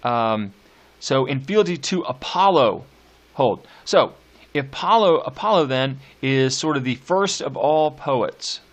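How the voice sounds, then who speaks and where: Lecturing on poetry in a recording, the male teacher takes verse at a slow pace with lingering stresses, scattering casual comments between lines. His voice is mid-range with lively intonation.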